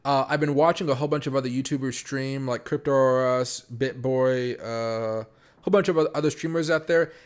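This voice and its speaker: A man hosting a casual late-night crypto live stream from home, talking fast and rambling with lots of fillers and restarts. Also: mid-range voice, fairly even intonation, clean tone. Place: home room.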